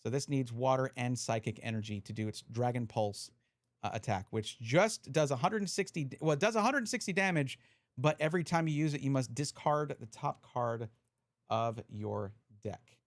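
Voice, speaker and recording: A man's voice: mid-range voice, moderate pace, no room sound. A man hiccuping as he chats casually on a live stream, explaining card rules while he sorts a deck. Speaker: streamer reviewing trading cards.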